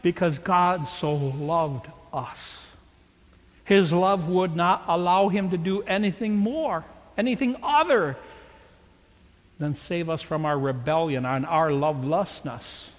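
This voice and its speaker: High-voiced guy preaching a sermon, lots of rhetorical questions, echoey hall. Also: measured pace. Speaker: pastor.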